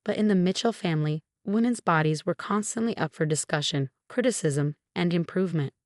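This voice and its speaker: A woman telling a first-person story in measured, scripted narration. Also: lowish voice, no echo, clean studio sound.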